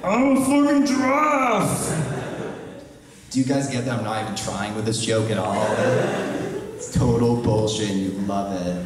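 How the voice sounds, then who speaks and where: A young man performing a stand-up comedy set in a small live venue, delivering deadpan absurd one-liners and the occasional shouted animal voice. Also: fairly low pitch, normal speed. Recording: echoey room taped from far off with crowd. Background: audience laughter.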